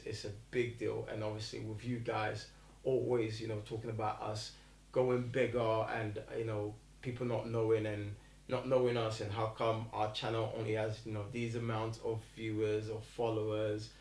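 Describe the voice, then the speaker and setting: A man co-hosting a podcast in casual chat, excitable and quick to laugh. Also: fairly low pitch. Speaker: podcast co-host. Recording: echoey room.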